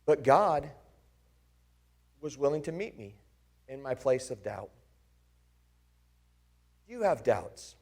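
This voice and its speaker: A pastor's medium-pitched voice is sing-song, slow and a little mellow, with long pauses and an exaggerated quality. He portrays the disciple Thomas, an earnest grown man, in a passionate first-person sermon monologue, reflective in mood and full of searching questions for the audience.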